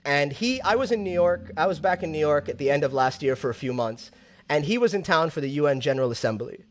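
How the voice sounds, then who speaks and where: A man in his thirties from Southeast Asia speaks as a podcast guest in a relaxed interview. His voice sits high for a man, and he talks with animated energy, often doubling back on words as he works toward his point. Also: fast talker. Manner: animated, repeats words when building a point. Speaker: podcast guest, music label owner. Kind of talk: casual conversational interview.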